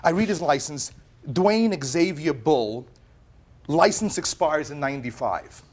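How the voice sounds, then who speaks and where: A man telling his side of a dispute in a courtroom, in an animated way that often stumbles and repeats words. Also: a little high, measured pace, husky. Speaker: plaintiff in a TV courtroom.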